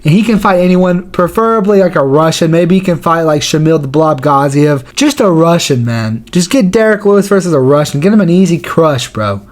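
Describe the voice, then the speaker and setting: Slangy, profane man with a higher voice. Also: brisk, hardly any pauses. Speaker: channel host. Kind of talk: casual commentary.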